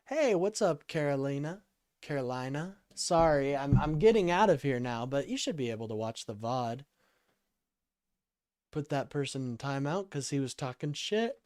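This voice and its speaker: A man's voice: mid-range voice, animated, moderate pace, a little mellow, smooth, no echo, studio quality. Sleepy male call-in stream host. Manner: rambling, apologetic, reads chat aloud. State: sleepy, yawning. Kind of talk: casual livestream chat.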